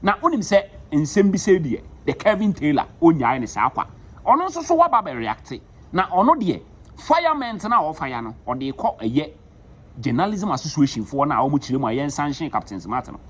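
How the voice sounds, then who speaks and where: Ghanaian man, news update host, husky voice, lively rise and fall, code-switching. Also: on the high side, moderate pace. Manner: mixes Twi with English words.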